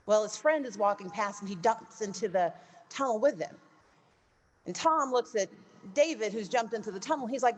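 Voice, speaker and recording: A woman's voice: fairly high pitch, normal speed. A woman giving a rousing political speech to a labor union gathering, telling a parable story and building to emphatic, repeated lines.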